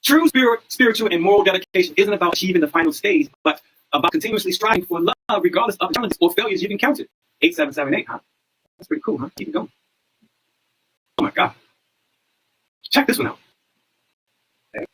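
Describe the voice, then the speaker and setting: Brief: male streamer, rapid-fire delivery, bright edgy tone, preachy and repetitive. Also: high voice, very animated, a little hiss or hum, rough recording. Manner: preachy, repeats lines, asks listeners if they understand. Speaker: livestream host. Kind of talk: numerology livestream monologue.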